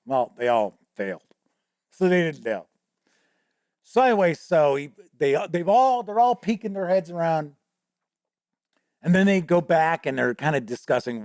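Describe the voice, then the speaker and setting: A man's voice: mid-range voice, unhurried, a little mellow, clean tone, no room sound, clean studio sound. A man hosting a show, casually telling a rambling story from his tabletop game with many restarts. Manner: rambling, many restarts, acts out players' voices. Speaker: host.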